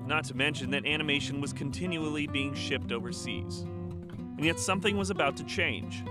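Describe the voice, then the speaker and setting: A man narrating a documentary in a measured, storytelling way. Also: on the high side. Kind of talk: scripted narration. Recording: narration over loud music.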